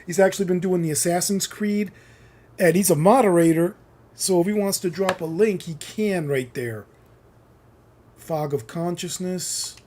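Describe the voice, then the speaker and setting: A man doing casual live commentary while he plays a game. His voice sits a bit high, and he keeps up a loose, chatty flow, tossing in "man" now and then. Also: unhurried, darkish tone, a little hiss or hum. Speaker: streamer.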